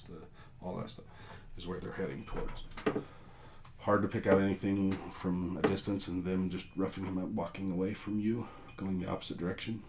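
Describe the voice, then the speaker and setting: A man narrating as game master in a relaxed, rambling way with many filler sounds. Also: low-pitched, gravelly, slight background noise.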